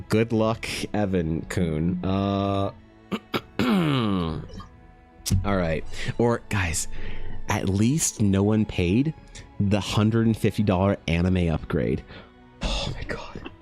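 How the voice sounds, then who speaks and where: A man running a casual art livestream, talking straight to his chat. His pitch swings widely as he rants in exasperation, with plenty of profanity. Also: darkish tone. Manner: talks directly to viewers. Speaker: art streamer.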